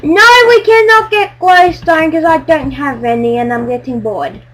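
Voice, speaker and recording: A woman chatting excitedly while playing a building game with friends, silly and bubbly, breaking into squeals. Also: high voice, moderate pace, a little hiss or hum. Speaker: gamer playing on a friend's server. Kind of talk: excited let's-play chatter.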